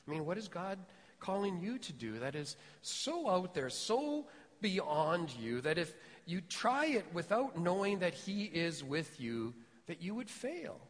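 A male pastor giving a conversational sermon, often dropping to a soft, low voice for emphasis. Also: sing-song, moderate pace, long reverb tail. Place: church sanctuary.

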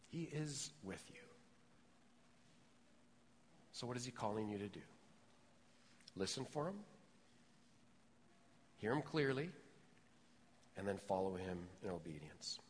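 A male pastor giving a conversational sermon, often dropping to a soft, low voice for emphasis. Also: long reverb tail, slight background noise. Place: church sanctuary.

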